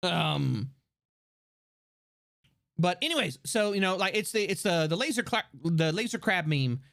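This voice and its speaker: A man with a high voice chats casually on his livestream. His pitch swings widely as he rambles and swears with lots of energy. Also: measured pace, vocal fry. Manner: animated, profane, rambling. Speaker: livestream host.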